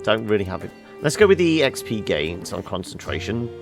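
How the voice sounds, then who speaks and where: A man's voice: on the low side, very animated, a little fast, gravelly, over music. Man mumbling through game choices. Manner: mumbly, thinking aloud over choices. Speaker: game streamer. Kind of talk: live let's play commentary.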